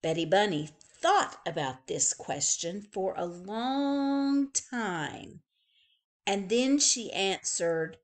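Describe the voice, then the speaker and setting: A woman librarian reading a picture book aloud to young children, slow and expressive. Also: mid-range voice.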